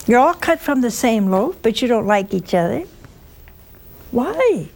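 A woman's voice: on the high side, sing-song, measured pace, darkish tone, slight background noise. A woman preaching an informal sermon full of stories, plain-spoken, sometimes dropping to a whisper for emphasis. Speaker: religious speaker.

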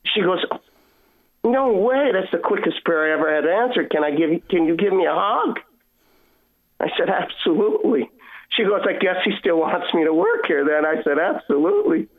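A man's voice: on the high side, expressive, a little fast. A man earnestly telling a personal faith story as a caller, heard over a phone line. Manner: earnest, emotional retelling with quoted dialogue. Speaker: caller sharing testimony. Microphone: phone call.

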